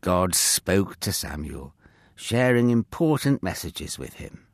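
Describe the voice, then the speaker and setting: A man narrating a Bible story for children in an expressive, gentle way, speaking directly to young listeners. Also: sits low, takes it slowly, gravelly, no echo, studio quality.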